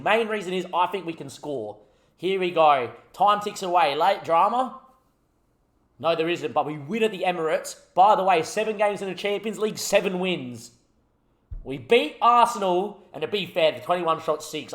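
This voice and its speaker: A young man with a fairly high voice gives animated live commentary on a football management game for his gaming YouTube channel, talking at the players on screen.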